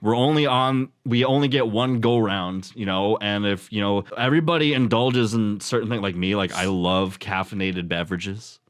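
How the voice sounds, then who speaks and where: A man's voice: fairly low pitch, moderate pace, hardly any pauses, no echo, clean studio sound. A man co-hosting a podcast in casual chat, rambling with many fillers and casual swearing. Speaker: podcast co-host.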